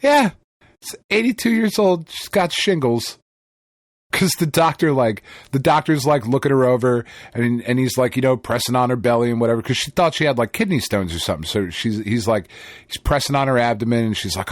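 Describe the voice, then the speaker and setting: In studio-quality, echo-free audio, a podcast co-host with a medium-pitched voice briskly tells a story. He swears a lot and laughs often in this casual, animated chat.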